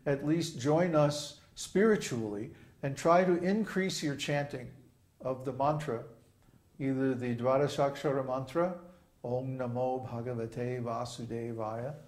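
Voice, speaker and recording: Slow-spoken man teaching, roomy echo. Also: medium pitch, darkish tone. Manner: demonstrates chant rhythms aloud, asks "huh?" often. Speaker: spiritual teacher. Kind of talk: informal sermon.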